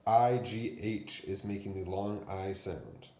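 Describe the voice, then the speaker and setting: Slow, clearly spoken male first-grade teacher. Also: fairly low pitch, warm tone, echoey room. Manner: clear, deliberate enunciation for children. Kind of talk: phonics lesson and story read-aloud.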